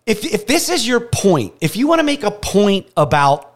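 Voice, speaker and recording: A man's voice: high voice, moderate pace. Sarcastic guy cohosting a movie podcast, swears a lot, voice jumps all over. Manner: animated, profane, sarcastic. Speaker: podcast co-host. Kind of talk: casual movie review chat.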